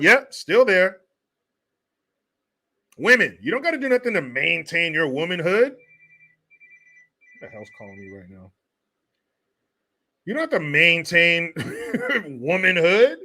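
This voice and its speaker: A man's voice: sits high, big pitch swings, normal speed, long pauses, sharp tone. Profane joking man chatting on a livestream. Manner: profane, joking, reads chat aloud. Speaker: host. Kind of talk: casual livestream chat.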